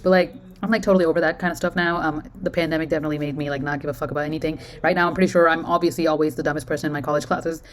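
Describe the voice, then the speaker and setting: A young woman telling a personal story in a casual vlog, talking quickly with lots of fillers and the odd swear word. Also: sits low, steady tone. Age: young adult. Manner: rapid chatty storytelling full of fillers and swearing. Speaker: vlogger.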